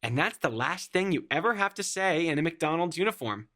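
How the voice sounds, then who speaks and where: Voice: medium pitch, expressive, fairly quick, a bit bright. A narrator telling a scripted comic story in a sarcastic, exaggerated way.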